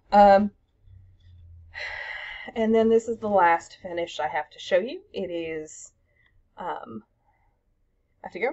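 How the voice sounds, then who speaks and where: A woman's voice: fairly low pitch, dark tone, dull audio. A young woman chatting casually about her cross-stitch projects at home, rambling with lots of ums and self-deprecating asides. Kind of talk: casual show-and-tell chat.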